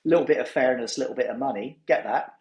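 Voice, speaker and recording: A man hosting a casual podcast chat, talking in an animated way and acting out what others said. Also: mid-range voice, rapid-fire, reverberant. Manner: animated, mimics others in quotes. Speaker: newsletter host.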